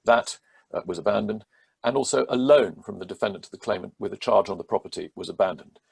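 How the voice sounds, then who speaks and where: A man, a barrister, explaining a court judgment in a measured, methodical way with frequent hesitations. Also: lowish voice, gravelly, a little mellow, slightly rough. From England. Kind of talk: legal explainer talk.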